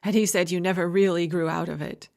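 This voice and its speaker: A woman's voice: fairly low pitch, fairly even intonation, fast, vocal fry, darkish tone. Woman narrating a fantasy audiobook. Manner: reads all characters with only slight voice changes. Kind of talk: scripted narration.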